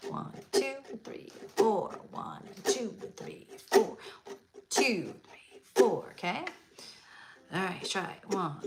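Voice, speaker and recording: A woman's voice: mid-range voice, rough recording. A woman teaching a live ukulele lesson, counting beats aloud and singing along as she plays. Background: ukulele playing.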